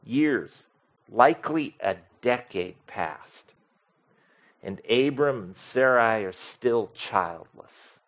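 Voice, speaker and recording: A man preaching a sermon as pastor, expressive, swinging from soft to loud and asking the congregation questions. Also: medium pitch, slow pace.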